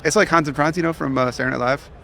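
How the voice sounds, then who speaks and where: A man's voice: on the high side, steady tone, rapid-fire, creaky, sharp tone, a little hiss or hum. A man co-hosting a live podcast at a conference, chatting casually and rambling through restarts and laughs. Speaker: podcast co-host. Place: conference hall floor.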